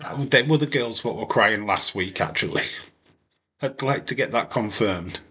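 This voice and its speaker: A man giving chatty live reaction commentary on a wrestling show, with sudden bursts of excitement. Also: fairly low pitch, normal speed, husky. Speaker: wrestling watch-along streamer.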